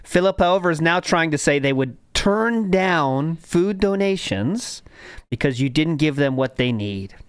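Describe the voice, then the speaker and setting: A man hosting a podcast, commenting on a news clip with emphatic, drawn-out, sarcastic stresses. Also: on the high side, expressive, smooth, no echo, clean studio sound. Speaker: podcast host.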